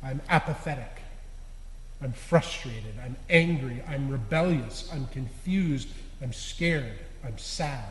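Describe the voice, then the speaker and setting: A man giving a sermon as a lay preacher, earnest and confessional, pressing hard on some words and dropping to a hush at line ends. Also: mid-range voice, slow pace. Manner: earnest, confessional, swinging between loud stresses and quiet endings. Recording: echoey hall with long reverb.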